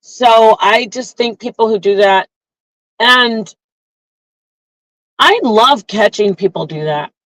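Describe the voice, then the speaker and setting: A woman's voice: a little high, takes it slowly, long pauses, dry recording, rough recording. Chatty woman vlogging live from her car. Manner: chatty, rambling, animated retelling. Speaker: livestream host. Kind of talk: casual live vlog while driving.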